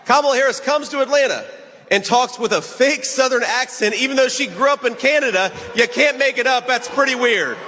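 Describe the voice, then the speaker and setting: A man's voice: very high voice, brisk. A man giving an emphatic, mocking rally speech in a large arena, played back from a clip. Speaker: political speaker at a rally. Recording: played clip with loud crowd noise and long reverb.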